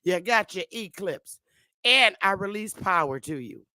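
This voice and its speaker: Woman host of her own vlog; slow, laughing, swearing rant at viewers, recorded dry and close. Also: medium pitch, lively intonation, pushed and bright, no room sound. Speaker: vlogger. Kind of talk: profane comic rant to viewers. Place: at home, sitting in a chair.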